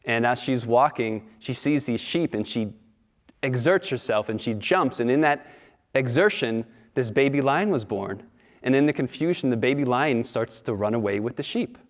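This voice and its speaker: A man's voice: medium pitch, lively intonation, normal speed. A man giving a Sunday service talk in an easy storytelling sermon style, often asking his listeners questions. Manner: warm storytelling, asks the audience questions.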